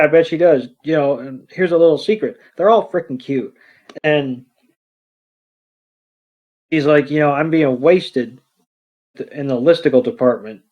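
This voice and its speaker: A man co-hosting a podcast, recapping a film in unhurried, halting, casual narration. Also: a little high. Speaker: podcast co-host. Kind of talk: casual movie recap chat. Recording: dull lo-fi podcast audio.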